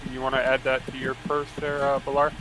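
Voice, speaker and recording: A man playing a tabletop game, thinking aloud with a hesitant, halting manner. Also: medium pitch, completely flat delivery, noisy background. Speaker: player. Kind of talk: casual tabletop play.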